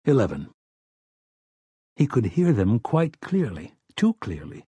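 A man narrating an audiobook in a steady, measured storytelling manner. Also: medium pitch, husky, dry recording. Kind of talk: scripted narration.

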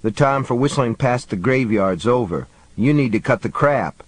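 A man's voice: mid-range voice, lively intonation, moderate pace, breathy edge. A man voicing a blunt, no-nonsense man who speaks curtly and firmly.

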